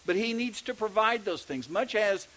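Middle-aged Texan pastor, higher-pitched voice, easygoing preaching, often restarts sentences. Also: male voice, expressive, moderate pace, a bit bright, rough recording. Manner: conversational preaching with frequent restarts. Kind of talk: sermon.

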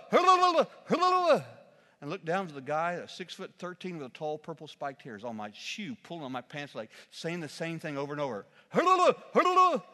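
A male preacher tells his story from the pulpit in a slightly high voice. He swings between loud, excited outbursts and quiet, solemn asides. The long reverb of a large church hall trails behind every phrase. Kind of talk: sermon storytelling.

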